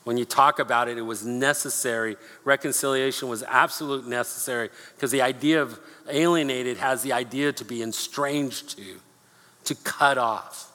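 A man preaching a sermon, earnest and repeating himself, slowing down to read scripture aloud. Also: medium pitch, sharp tone. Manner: earnest, repeats words, slows for scripture reading. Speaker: pastor. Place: church sanctuary. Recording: long hall reverb.

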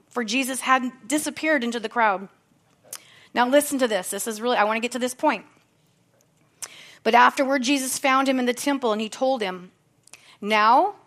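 A woman's voice: a little high, a bit bright. A woman pastor preaching a sermon with fervent, exhorting calls to action and chatty asides. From United States. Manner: conversational asides, laughs at herself.

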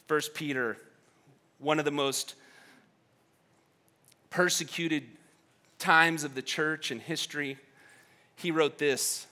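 A man preaching a sermon with fervor, swinging from quiet reflection to loud exhortation and often repeating words as he thinks. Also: on the high side, fairly even intonation, takes it slowly, long pauses. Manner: fervent, swings from quiet to shouting. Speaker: pastor.

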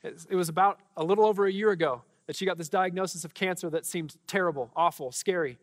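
A young male pastor speaks to his congregation in a loose, fervent way, stumbling over fillers and restarts. His voice sits slightly high, and a long reverb from the church sanctuary trails each phrase. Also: fast talker. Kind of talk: sermon with prayer and testimonies.

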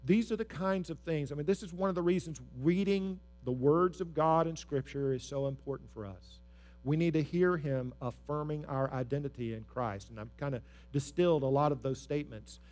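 Earnest male pastor preaching in church, slightly high-pitched. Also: moderate pace, a little mellow. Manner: earnest, repetitive emphasis. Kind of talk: sermon.

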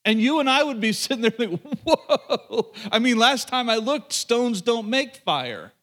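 High-voiced male preacher telling a story. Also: normal speed. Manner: animated, conversational, addresses listeners directly. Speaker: pastor. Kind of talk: sermon storytelling.

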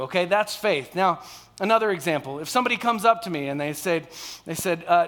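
Bright high-voiced man preaching. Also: a little fast. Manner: conversational, frequent "all right?" and "okay?" check-ins. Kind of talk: sermon. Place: stage.

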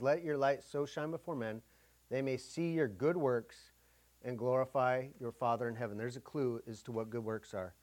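A middle-aged man delivering a sermon in a relaxed, conversational way, with a voice of ordinary pitch. He often slips into acting out little inner dialogues while he preaches. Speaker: pastor.

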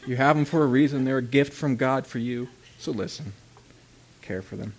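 A man's voice: mid-range voice, moderate pace. A pastor preaching a sermon in a conversational way, asking rhetorical questions, laughing lightly at times, and raising his voice on emphatic points. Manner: voice rises and gets loud on emphatic points.

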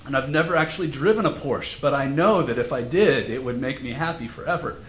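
A man's voice: medium pitch, brisk, echoey room. A male pastor preaching a sermon in a conversational, storytelling way. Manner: conversational, self-deprecating storytelling. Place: church sanctuary.

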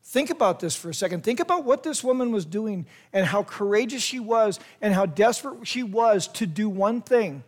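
A man's voice: high voice, expressive, moderate pace. A youth pastor, a man retelling a scripture story vividly and speaking straight to young listeners. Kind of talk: storytelling sermon to a youth group.

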